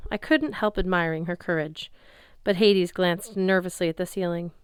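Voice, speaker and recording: A woman narrating a story in the first person with steady, expressive reading. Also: fairly low pitch, normal speed, clear, resonant tone, no echo, clean studio sound. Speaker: audiobook reader.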